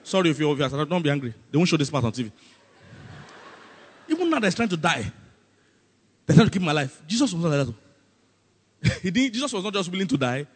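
Animated Nigerian pastor preaching in a hall. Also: male voice, fairly high pitch, fairly quick, long pauses, slightly rough. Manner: animated preaching with comic put-on voices. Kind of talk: sermon.

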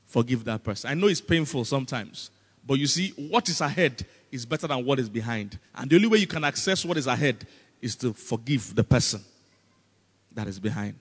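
A man with a Nigerian accent preaching a sermon as pastor, animated and often breaking into comic voices. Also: mid-range voice, fairly quick, husky, big-room sound.

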